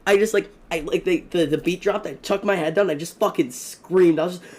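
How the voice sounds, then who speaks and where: A young man streaming a game, telling stories in a fast, rambling, excitable way, swearing often. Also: high-pitched. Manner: excitable and profane, fast rambling storytelling with many fillers. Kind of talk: casual gaming stream chat.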